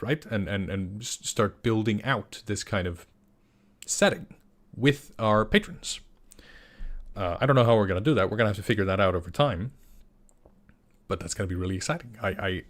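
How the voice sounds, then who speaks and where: A young man from Iceland chats casually on a stream in a lowish voice. He rambles and gets excitable, tripping over his words and restarting sentences as he goes. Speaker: game master and channel creator. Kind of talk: casual livestream chat answering questions.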